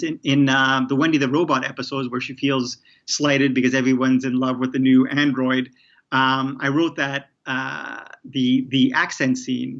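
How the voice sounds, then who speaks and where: A man in a casual interview, speaking as a showrunner about his work. He rambles, repeating words and circling back before finishing a thought. The audio is slightly dull and lo-fi, and his pitch sits in an ordinary middle range. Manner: rambling, many restarts and fillers. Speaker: TV showrunner guest.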